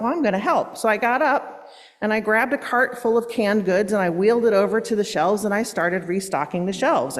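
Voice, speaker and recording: A woman minister preaching a sermon, telling a story with self-deprecating asides. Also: medium pitch. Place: church sanctuary. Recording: long reverb in church sanctuary.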